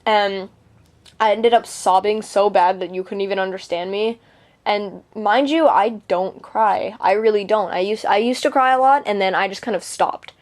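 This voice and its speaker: With a darkish, mid-range voice at normal speed, a teen girl vlogs a personal story to camera. She's indignant, swears without holding back, and leans on fillers and restarts.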